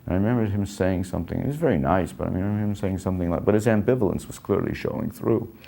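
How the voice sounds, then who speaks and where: A man's voice: low-pitched, rapid-fire, vocal fry, mellow. An older man telling a story about his past, rambling and breaking off mid-sentence with small chuckles. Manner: rambling, self-interrupting, chuckling. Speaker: actor recalling a film. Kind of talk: anecdotal storytelling.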